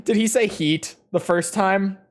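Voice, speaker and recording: A woman's voice: mid-range voice, unhurried. A woman streaming a game, chatting and reacting as she reads the dialogue aloud in casual commentary. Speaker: gaming streamer.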